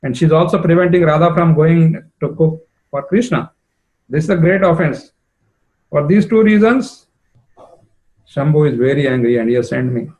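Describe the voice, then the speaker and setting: A man voicing a stern, angry male king of snakes who speaks in measured threats. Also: a little high, darkish tone, lo-fi sound, natural voice.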